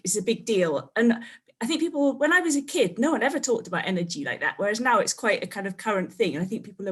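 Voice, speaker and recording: A woman who works as a family historian, a guest on a podcast, talking reflectively in casual conversation and ending her points with tag questions. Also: medium pitch.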